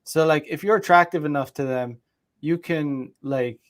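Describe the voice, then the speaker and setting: A man hosting a podcast in casual chat, giving his opinions in a halting way with frequent restarts. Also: on the high side. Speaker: podcast host.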